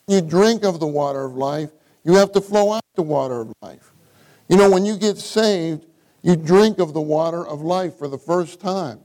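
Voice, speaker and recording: A middle-aged man preaching to his congregation, voice set a touch high for a man. He reads scripture aloud and keeps circling back to his key words, repeating them for weight. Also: moderate pace, dark tone, poor audio. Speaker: church speaker. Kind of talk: sermon.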